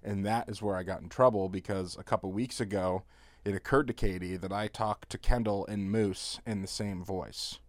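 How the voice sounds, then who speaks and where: A man in his thirties chatting casually as a podcast co-host, an animated storyteller who laughs often. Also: lowish voice, normal speed, dry recording. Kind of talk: casual chat.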